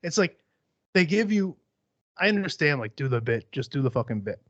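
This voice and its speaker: A man's voice: on the high side, big pitch swings, normal speed, fairly bright tone, no echo. A young man hosting a casual solo podcast, rambling bluntly with lots of swearing and fillers. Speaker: podcast host. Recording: slightly dull, dry sound.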